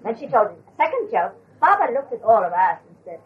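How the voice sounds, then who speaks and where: A woman's voice: mid-range voice, big pitch swings, moderate pace, a little hiss or hum. An older woman retelling an anecdote from memory, hesitant with fillers, on a dull lo-fi recording. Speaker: storyteller.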